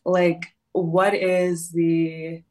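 A woman's voice: on the low side, level tone, very slow, a little mellow. Nervous young woman on a distant call. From California. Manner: nervous, hesitant, lots of fillers. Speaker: caller. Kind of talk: calling in to a podcast.

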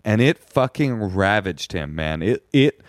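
A man's voice: lowish voice, lively intonation, no room sound, clean studio sound. Rambling joking man in his forties. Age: 40s. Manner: rambling, joking, halting with fillers. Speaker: podcast co-host. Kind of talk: casual chat.

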